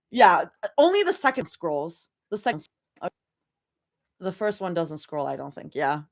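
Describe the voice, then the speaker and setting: A woman's voice: medium pitch, fairly bright tone. A woman live-reading fanfiction aloud, often breaking off to laugh and chat with her viewers. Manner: giggly, breaks off to react and chat. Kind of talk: live reading with chatty reactions.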